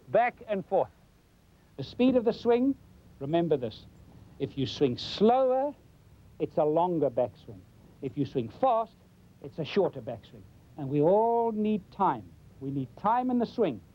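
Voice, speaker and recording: This 1990s television golf lesson comes in low quality, with the instructor's high, slightly mellow voice moving at a moderate, sing-song pace. Folksy in manner, he demonstrates while he talks.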